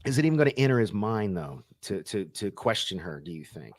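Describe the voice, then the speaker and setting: A man with a fairly low voice hosts a relaxed live stream, chatting casually and retelling scenes by acting out the quoted lines. The sound is dry and close, with no room echo. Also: fairly quick. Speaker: host.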